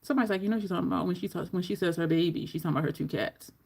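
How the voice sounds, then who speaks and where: A woman makeup vlogger chatting casually through a tutorial, animated, swearing and laughing as she acts out the people in her story. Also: lowish voice, rapid-fire, vocal fry, husky.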